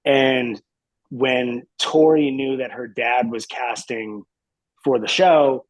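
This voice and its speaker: A man's voice: medium pitch, fairly even intonation, slow pace, no echo, rough recording. A man in his fifties, a podcast guest reminiscing in casual chat, hesitant and rambling with many fillers.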